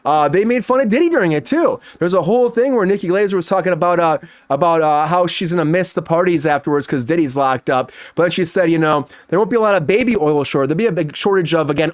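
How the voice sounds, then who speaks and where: Male comedy host, quick and animated, fairly high voice, close dry mic. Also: dry recording. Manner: fast, animated and joking, with quick impressions. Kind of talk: comedy entertainment news chat.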